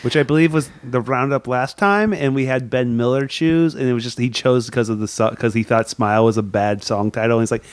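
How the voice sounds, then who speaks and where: A man co-hosting a podcast in casual chat, relaxed and joking, with some swearing. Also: medium pitch, fairly quick, few pauses, clean tone, dry recording. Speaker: podcast co-host.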